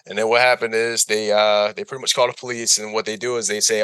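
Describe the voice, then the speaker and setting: A man's voice: on the low side, flat delivery, fast, few pauses, pushed and bright, clean tone, dry recording. A man co-hosting a podcast in casual chat, rambling and repeating himself, laughing often. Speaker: podcast co-host. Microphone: remote recording.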